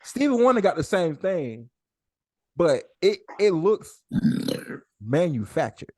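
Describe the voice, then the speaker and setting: A man's voice: on the high side, very animated, takes it slowly, a little mellow, no echo, clean studio sound. A man co-hosting a casual podcast, making playful, provocative claims and acting out little scenes. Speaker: podcast co-host.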